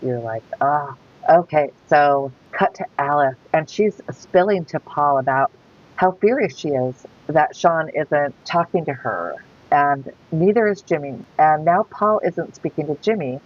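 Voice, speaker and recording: Woman, podcast co-host, relaxed casual recap, agreeable, dull lo-fi sound. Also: low voice, measured pace. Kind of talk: casual chat recapping a TV episode. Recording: muffled lo-fi recording.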